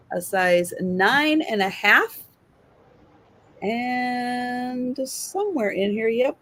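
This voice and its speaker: A woman's voice: fairly high pitch, fairly bright tone, poor audio. A woman hosting a live online vintage sale, describing items and calling out bids. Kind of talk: live online sales auction.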